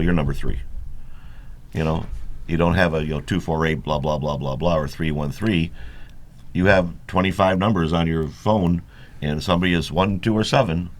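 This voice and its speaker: A man on a talk show, musing in an incredulous, casual way. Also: a bass voice. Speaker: show regular. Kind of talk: casual comedic chat.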